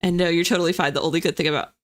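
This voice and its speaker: A young woman hosting a casual livestream from her desk, reading the chat aloud and chatting excitably. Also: on the low side, racing. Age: young adult. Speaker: livestream host. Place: home desk with a chair.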